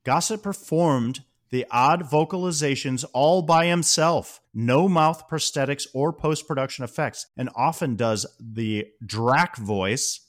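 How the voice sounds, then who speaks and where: Man, podcast co-host, casual chat, chatty, mid-pitched voice, goes off on tangents. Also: a little slow, few pauses. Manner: chatty, prone to personal tangents.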